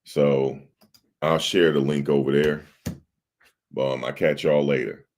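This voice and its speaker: A man's voice: extremely low pitch, steady tone, takes it slowly, darkish tone, a little hiss or hum. A man hosting a livestream, rambling in casual chat and talking straight to his viewers in the chat. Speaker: livestream host.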